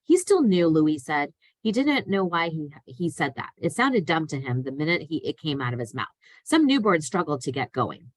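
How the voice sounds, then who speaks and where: A woman reading a children's novel aloud in a plain, steady way, with small slips. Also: deep voice, normal speed, no room sound, poor audio. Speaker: reader.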